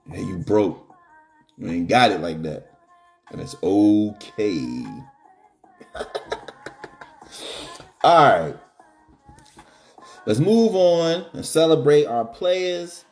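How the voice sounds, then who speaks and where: A man's voice: mid-range voice, darkish tone. A middle-aged man hosting a live stream, joking in slangy casual chat.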